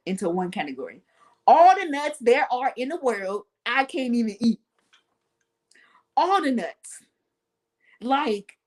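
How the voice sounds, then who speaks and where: Animated woman with a playful, storytelling manner. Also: fairly high pitch. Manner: playful, animated, self-mocking asides. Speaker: guest on an online talk show. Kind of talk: casual storytelling monologue.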